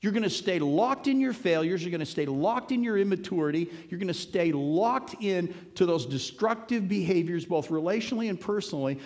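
A man's voice: sits high, darkish tone. A male pastor giving an earnest, conversational sermon, driving points home with emphatic repetition. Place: church sanctuary. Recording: long hall reverb.

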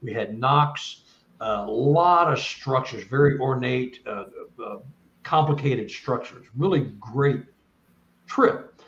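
A man's voice: medium pitch, slow pace, gravelly, fairly bright tone. Man, guest speaker, earnest rambling storyteller, roomy echo, dull muffled sound. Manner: earnest, rambling, many restarts. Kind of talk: casual first-person storytelling.

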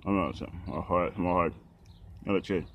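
A man talking haltingly about the Bible, with many pauses, fillers and restarts. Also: low-pitched, fairly even intonation, highs cut off, a little hiss or hum.

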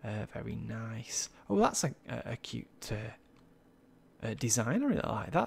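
A man with a gravelly, mid-pitched voice talks through a video game tour in a relaxed, chatty way. He admires what he sees and fills pauses with ums and uhs. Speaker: Minecraft server tour host. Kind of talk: casual gameplay commentary.

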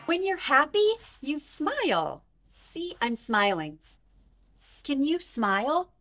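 A woman presenting a toddler learning show in a gentle, sing-song way full of exaggerated wonder. Her voice is high, swoops widely and moves slowly. Music plays clearly beneath her. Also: huge pitch swings. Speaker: children's show host. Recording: music under voice.

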